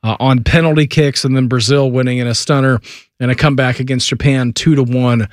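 A man's voice: mid-range voice, fairly even intonation, fairly quick, dry recording, studio quality. A man hosting sports radio, telling stories in a casual, chatty way and laughing often.

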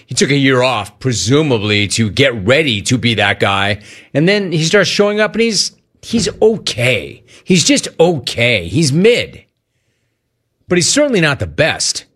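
Sports radio guy riffing, teasing tone, lots of quick asides. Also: medium pitch. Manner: animated, mocking, quick asides. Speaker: sports talk radio host. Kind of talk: casual sports radio talk.

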